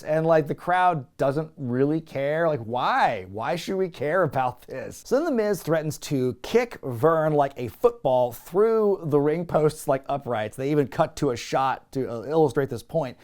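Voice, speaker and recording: A man's voice: a little high, animated, normal speed, few pauses, darkish tone. A man hosting a wrestling recap podcast, talking in a casual, jokey way and acting out quotes in put-on voices.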